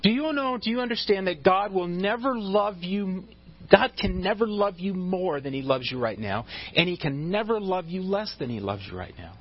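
A man preaching in a high, light voice, with a chatty, stop-start delivery full of restarts. He jokes with his congregation between points. The recording is muffled and lo-fi. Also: lively intonation, moderate pace, husky. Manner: conversational, with frequent restarts and asides; joking with the congregation. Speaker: pastor. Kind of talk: sermon.

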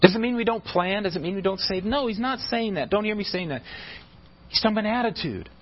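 A man's voice: high-pitched, animated, quick pace, highs cut off. A pastor preaching a sermon, emphatic and often restarting and repeating his words mid-sentence.

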